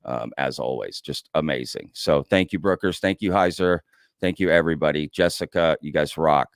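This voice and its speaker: A bass-voiced American man at a moderate pace chats his way through a casual livestream, reading viewer comments and addressing people as "y'all." The sound is clean studio audio with no echo.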